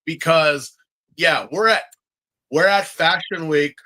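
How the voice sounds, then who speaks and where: A man's voice: a little high, slow pace, bright, forceful tone, low-quality recording. A man co-hosting a podcast, chatting casually and animatedly about a TV series, often slipping into campy voices. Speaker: podcast co-host. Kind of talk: casual chat recapping a TV series.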